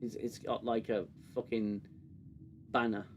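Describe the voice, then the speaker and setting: A man's voice: on the low side, level tone, unhurried, slight background noise. Sarcastic man ranting casually. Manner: sarcastic, exasperated, restarts often. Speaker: podcast host. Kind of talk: casual review chat.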